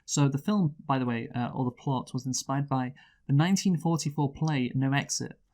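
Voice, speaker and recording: A man's voice: medium pitch, moderate pace, a little mellow. A man hosting a movie review show in casual chat. He reads out a plot summary and keeps steering the talk back to the film.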